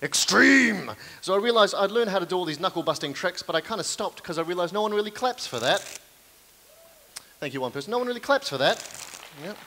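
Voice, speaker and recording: A young man with a New Zealand accent doing live stand-up comedy on stage, with self-deprecating, deadpan asides to the audience. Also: high-pitched, quick pace, a little hiss or hum. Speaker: comedian and card manipulation performer.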